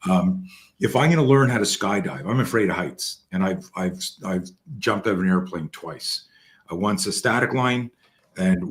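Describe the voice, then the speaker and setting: A man with a lowish voice tells a long story as a guest. He rambles and restarts, stacking fillers as he goes, animated and chatty. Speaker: guest, fear management trainer. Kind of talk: casual storytelling.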